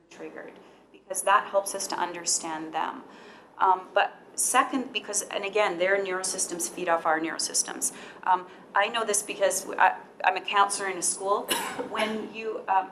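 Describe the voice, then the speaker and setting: A woman counselor with a mid-range voice speaks calmly to parents. She is measured and advisory, with a little faint noise in the background. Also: medium pitch, rough recording. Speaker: school counselor. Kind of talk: presenting at a parent talk.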